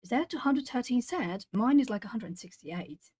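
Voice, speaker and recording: Warm, expressive and slightly rough, this woman's a-little-high voice moves at a normal speed. She is from Brazil, speaks Portuguese, and streams art from home, musing aloud and chatting easily with viewers as she colours.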